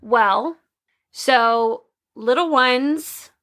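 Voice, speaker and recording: A woman's voice: a little high, extremely slow, fairly bright tone. A young woman co-hosting a podcast, telling stories in a chatty, laughing way. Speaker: podcast co-host. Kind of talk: casual chat.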